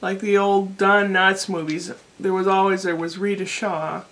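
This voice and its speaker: A woman's voice: mid-range voice, level tone, measured pace, a bit bright. A middle-aged American woman talking casually to her camera at home, rambling from one thought to the next with self-deprecating asides. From United States. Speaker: vlogger. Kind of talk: casual rambling vlog monologue. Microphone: camera microphone.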